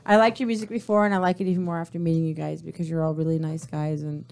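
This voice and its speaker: Woman in her forties, radio co-host, quick chatty storytelling. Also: low voice, flat delivery, vocal fry, a little mellow. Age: 40s. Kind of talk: casual studio chat. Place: radio studio.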